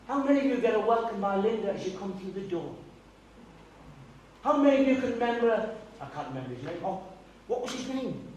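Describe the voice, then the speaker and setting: Older male pastor, lively sermon storyteller; distant mic, very echoey church. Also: sits high, brisk, a little hiss or hum. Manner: animated storytelling, asks the congregation questions. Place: church hall.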